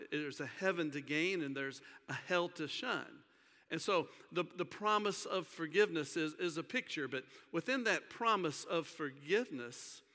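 A man preaching a sermon, pausing and repeating words as he goes. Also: fairly high pitch, bright, forceful tone. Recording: long hall reverb.

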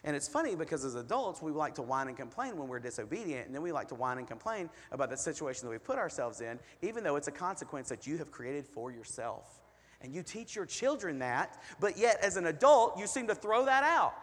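A man's voice: medium pitch, big pitch swings, fast, fairly bright tone, breathy edge. A man preaching a sermon as pastor, in a conversational way, asking the congregation lots of rhetorical questions. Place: church hall. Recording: long hall reverb.

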